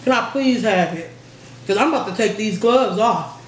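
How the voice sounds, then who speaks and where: A woman's voice: medium pitch, expressive, normal speed. A young woman hosting a mukbang vlog, chatting playfully and laughing while she eats. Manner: playful, laughing, says "period" often. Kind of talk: casual chat while eating. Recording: echoey room with background noise.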